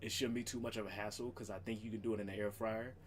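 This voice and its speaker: A man's voice: fairly low pitch, steady tone, fast, a little hiss or hum. A man streaming casually at home, rambling loosely about his cooking plans, swearing freely and laughing often. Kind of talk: casual chat.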